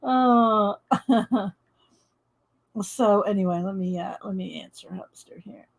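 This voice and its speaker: A woman's voice: mid-range voice, takes it slowly, gravelly. A woman hosting a casual morning art live stream, chatting, greeting viewers by name and laughing often. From American South. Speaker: art livestream host. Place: home studio with windows open.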